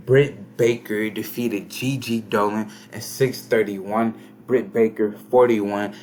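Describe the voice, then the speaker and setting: A man's voice: on the low side, steady tone, takes it slowly, hardly any pauses, darkish tone, a little hiss or hum. Laid-back young man reading game scores. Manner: laid-back, slangy, reads scores aloud. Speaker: gaming commentator. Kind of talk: casual game commentary.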